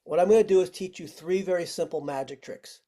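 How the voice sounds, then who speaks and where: In a virtual training lesson held over video call, a man who instructs firefighters explains simple tricks step by step in a friendly manner. He talks briskly in a high-pitched, mellow voice.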